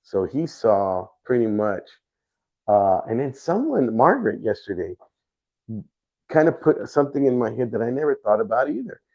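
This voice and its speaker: A middle-aged man hosting a livestream, talking in a rambling, halting way with many restarts. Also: medium pitch, big pitch swings, darkish tone. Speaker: livestream host. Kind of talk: casual livestream chat. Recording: dull lo-fi stream audio.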